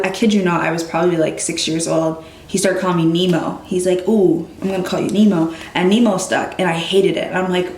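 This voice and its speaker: A woman's voice: lowish voice, slight background noise. A young woman vlogger talking casually to her camera, telling stories and acting out what other people said. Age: young adult. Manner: animated, quotes others in lively voices. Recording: echoey room.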